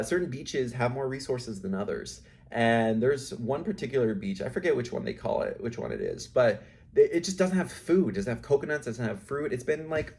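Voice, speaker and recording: Young male host, mid-pitch, casual chatty recap delivery with frequent fillers. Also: a little mellow.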